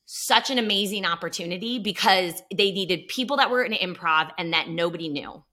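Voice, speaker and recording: A middle-aged woman, a guest actor, telling stories in a casual podcast chat and acting out quotes with energy. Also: lowish voice. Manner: animated storyteller, quick to act out quotes.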